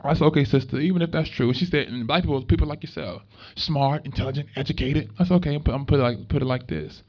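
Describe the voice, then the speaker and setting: A young male minister talks to an audience, lively and conversational, and slips into other people's voices as he tells stories. His voice sits a little high. The recording is dull and lo-fi, with the top end muffled. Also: fast. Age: young adult. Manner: animated storytelling, acts out voices in dialogue. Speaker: minister and activist speaker. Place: event space at a market.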